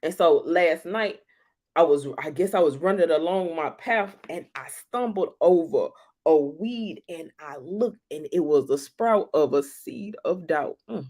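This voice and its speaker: A woman chatting casually about astrology, animated and profane, laughing often. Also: low voice, measured pace. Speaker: astrology talk host.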